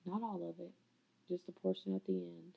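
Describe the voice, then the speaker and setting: A woman's voice: fairly low pitch, fairly even intonation, moderate pace, gravelly, slightly rough, muffled recording. A woman hosting her own podcast, telling her life story in a raw, candid way and swearing freely. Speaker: podcast host. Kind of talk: confessional personal storytelling.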